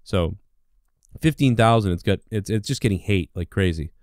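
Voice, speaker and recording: A man's voice: fairly low pitch, expressive, normal speed, a little mellow, no echo, studio quality. A man hosting his own podcast, ranting alone in a rambling, indignant way, with constant fillers and swearing. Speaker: podcast host. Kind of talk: solo rant.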